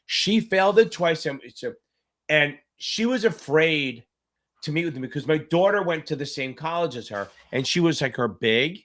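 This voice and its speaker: A man's voice: on the high side, expressive, normal speed, a bit bright. A middle-aged man tutoring on a casual live-stream Q&A, talking in a rambling, chatty way and swearing now and then. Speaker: exam tutor.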